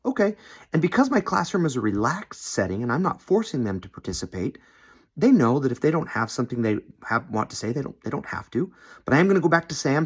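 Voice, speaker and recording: Man, husky voice, seminary teacher trainer, friendly instructional tone, modeling classroom questions. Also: medium pitch, sing-song, fast talker. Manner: friendly, demonstrating how he questions students. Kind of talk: instructional video with classroom role-play.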